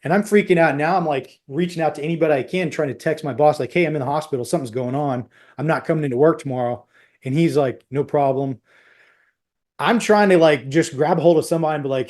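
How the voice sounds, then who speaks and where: A man's voice: fairly high pitch, fairly quick, a little mellow. Intense man telling a personal story. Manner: intense, tumbling retelling with quoted dialogue. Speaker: podcast guest.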